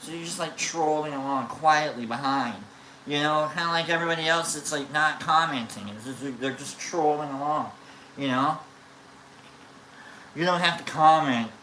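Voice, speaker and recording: Low-voiced woman telling a rambling story. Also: normal speed, slight background noise. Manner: rambling, animated, many restarts and fillers. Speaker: live streamer. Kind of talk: casual storytelling on a livestream. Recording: echoey room.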